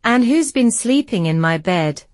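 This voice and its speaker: A woman's voice: a little high, lively intonation, unhurried, a little mellow, no room sound, clean studio sound. A woman voicing a small male bear cub in a storybook reading, squealing his complaints. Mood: upset.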